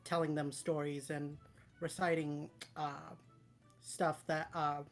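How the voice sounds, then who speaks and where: A woman's voice: deep voice, level tone, slow pace, faint music behind. A woman playing a tabletop game, talking in a hesitant way with many fillers. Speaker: player.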